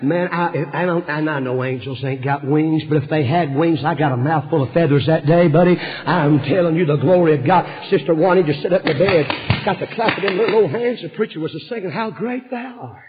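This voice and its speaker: A man preaching a revival sermon, telling stories with passion and swinging from hushed tones to shouting. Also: a little high, brisk, hardly any pauses, a little hiss or hum. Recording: dull lo-fi sermon recording.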